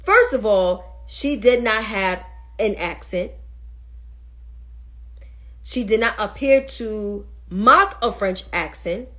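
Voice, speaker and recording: A woman's voice: mid-range voice, takes it slowly, pauses often, a bit bright. A woman hosting a political commentary livestream, ranting heatedly and with lots of swearing, and answering viewers' comments as she goes. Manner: talks back to viewers' comments.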